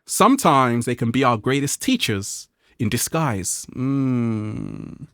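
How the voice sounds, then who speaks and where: A man's voice: unhurried, dry recording, clean studio sound. A man hosting a motivational vlog, speaking playfully and animatedly to his viewers with frequent laughs. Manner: playful and animated, laughing, acting out quoted people in a high voice. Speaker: vlog host.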